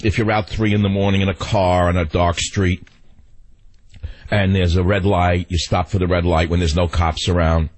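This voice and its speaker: Talk radio host, man, husky voice, sarcastic rant with big pitch swings. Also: flat delivery, normal speed, rough recording.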